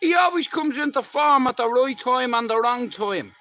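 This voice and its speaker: A man's voice: very high voice, expressive, normal speed, bright, forceful tone, faint music behind. A middle-aged Irish man chatting casually to live viewers, swearing freely as he rambles through stories. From Ireland. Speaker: livestream host.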